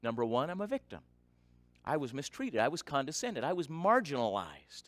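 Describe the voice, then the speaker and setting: A middle-aged man giving a storytelling talk, listing points in rhythm and swinging from soft to loud for drama. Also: medium pitch, wildly swooping pitch, normal speed, no room sound. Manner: dramatic, varies loudness, lists in rhythm.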